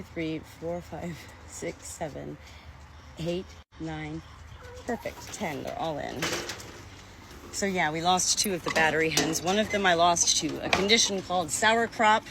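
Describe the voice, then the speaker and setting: A woman chatting casually on a phone livestream outdoors by her chicken coop, laughing often. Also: lowish voice. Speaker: backyard chicken keeper. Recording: outdoor phone audio with clear chicken noise.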